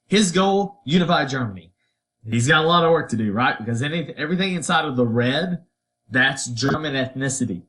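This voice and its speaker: A man's voice: a little high, expressive, fairly quick, fairly bright tone. A man teaching a history lesson in a casual, conversational way, tossing in playful asides and putting on voices for quotes. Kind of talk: recorded history lecture.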